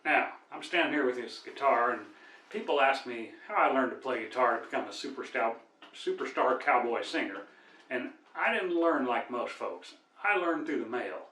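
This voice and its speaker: An older man with a Midwestern accent spins folksy tall tales in a dry, deadpan delivery. His voice sits at an average pitch. He is recorded from a distance in an echoey room. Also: normal speed. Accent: American Midwest. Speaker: storyteller and cowboy singer. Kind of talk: folksy joke telling.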